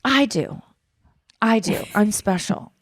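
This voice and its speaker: A woman in her thirties hosting a podcast, chatting casually in an animated, self-deprecating way and swearing freely. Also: mid-range voice, slow, dry recording, clean studio sound. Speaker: podcast host. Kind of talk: casual chat.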